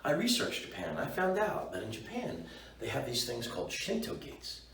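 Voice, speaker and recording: Male muralist, tour guide, animated delivery, mid pitch, echoey room, off-mic. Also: normal speed, creaky, slight background noise. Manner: enthusiastic, animated storyteller. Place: indoor building hallways and rooms. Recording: roomy echo, distant mic.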